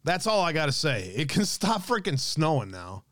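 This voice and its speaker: A man's voice: a little high, big pitch swings, normal speed, fairly bright tone, dry recording, clean studio sound. Profane chatty male livestream host. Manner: profane, jokey, reads chat comments aloud. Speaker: livestream host reading chat. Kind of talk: casual livestream chat.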